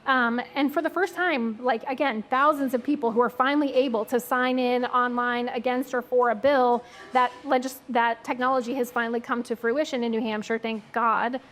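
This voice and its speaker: A woman's voice: a little high, fairly even intonation, moderate pace, fairly bright tone. Chatty, hedging woman activist. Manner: conversational, hedging, passes the floor to others. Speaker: community activist panelist. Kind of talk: live panel discussion. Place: live event at a coffee house.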